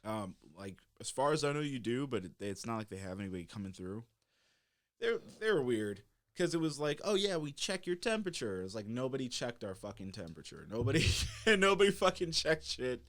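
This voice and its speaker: A man's voice: medium pitch, sing-song, fairly quick, a bit bright. A young man chatting casually on a podcast, laid-back, swearing and laughing easily. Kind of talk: casual chat.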